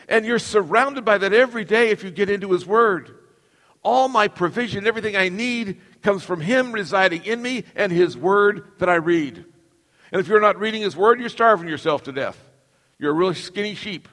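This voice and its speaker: Speaking at normal speed in a high, slightly bright voice, a middle-aged man preaches an emphatic sermon and calls for the congregation to repeat lines after him. The recording has the long reverb of a large hall.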